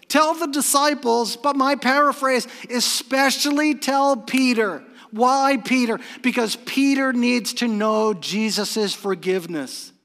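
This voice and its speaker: A pastor from New England preaching a morning sermon, retelling scripture as an animated story. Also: male voice, very high-pitched, long reverb tail.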